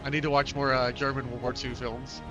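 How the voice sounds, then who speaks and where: A man narrating a tabletop game as game master, with a halting delivery full of filler sounds. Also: mid-range voice, little pitch movement. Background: music.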